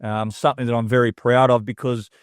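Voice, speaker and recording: A man's voice: mid-range voice, flat delivery, fast talker, smooth, no echo, clean studio sound. A man with an Australian accent, a tennis coach chatting as an interview guest, upbeat and full of casual slang.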